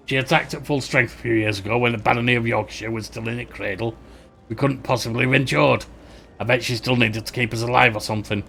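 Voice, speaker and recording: A man's voice: mid-range voice, gravelly, sharp tone. A man playing a computer role-playing game, reading its text aloud with casual, offhand asides. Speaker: let's play gamer.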